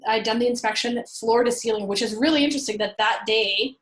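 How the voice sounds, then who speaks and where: A woman, a real estate investor and landlord, telling an animated story about her rental properties, acting out what people said. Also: fairly high pitch, fast talker, reverberant, rough recording. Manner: animated, acts out her own past quotes. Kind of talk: conversational storytelling.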